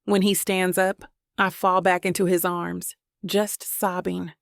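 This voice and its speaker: A woman's voice: on the low side, flat delivery, measured pace, creaky, no room sound. A woman reading a first-person romance audiobook in an earnest, emotional way, close to the microphone. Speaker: audiobook narrator.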